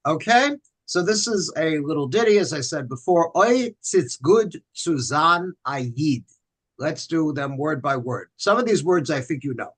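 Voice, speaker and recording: An older man with a slightly high voice leads a synagogue service as rabbi. He cracks self-deprecating jokes and teaches the congregation a song line by line, in call-and-response. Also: expressive, measured pace. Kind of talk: livestreamed Friday night service with teaching and song. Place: synagogue sanctuary.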